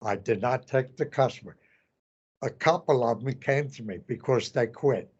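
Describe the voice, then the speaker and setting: An elderly man in his nineties, a veteran telling his story in an oral history interview, halting and repeating words as he goes. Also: medium pitch, husky, lo-fi sound. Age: 90s. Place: veterans center room.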